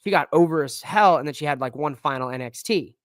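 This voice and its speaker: A man's voice: a little high, quick pace, no echo, clean studio sound. A man hosting a casual live-stream wrestling show, talking loosely with slang and lots of fillers. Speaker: wrestling podcast host.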